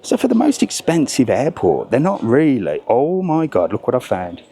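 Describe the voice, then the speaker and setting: A man's voice: mid-range voice, huge pitch swings, moderate pace, dark tone, slight background noise. A middle-aged British man filming a casual travel vlog as he walks through airport shops, joking and exclaiming at the prices. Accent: British English. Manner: chatty, jokey, exclaims at prices. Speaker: travel vlogger. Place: indoors in a large airport shopping area.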